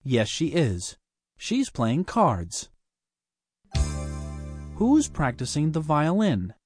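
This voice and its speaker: A speaker reading slow question-and-answer drills for a language lesson. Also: mid-range voice, wildly swooping pitch, darkish tone, soft background music.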